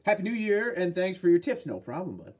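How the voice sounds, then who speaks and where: A man's voice: high voice, sing-song, fairly quick, darkish tone. A man with a Boston accent and a head cold, hosting a casual livestream and answering viewer questions about trucks in a laid-back way. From New England. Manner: laid-back, reads chat comments aloud and answers.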